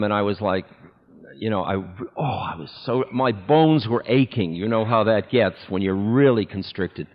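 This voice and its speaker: A man, a spiritual teacher, candidly telling a personal story in an unhurried way, often breaking into laughter. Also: on the low side. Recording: tinny lo-fi audio with long hall reverb.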